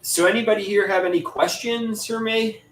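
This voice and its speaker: A man hosting a casual livestream, reading out viewers' chat and answering them in a halting way, often repeating words and restarting sentences. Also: high voice, fairly even intonation, a bit bright. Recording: roomy echo, faint background noise.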